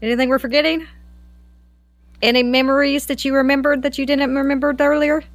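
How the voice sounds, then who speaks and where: A woman's voice: sits high, steady tone, brisk, no echo. A young woman hosting a casual podcast chat, light and teasing, laughing often. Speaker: podcast host.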